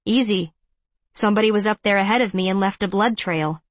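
A woman voicing a calm, teasing young man in an audiobook. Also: medium pitch, fairly quick, no room sound, close to an everyday voice. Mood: wry.

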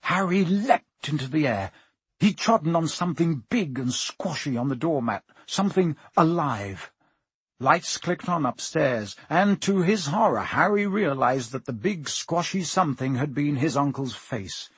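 A man narrating an audiobook in a steady, measured reading voice. His tone is slightly husky and sits at a middling pitch. The sound is dry and close. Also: no echo. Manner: steady storytelling, voicing each character.

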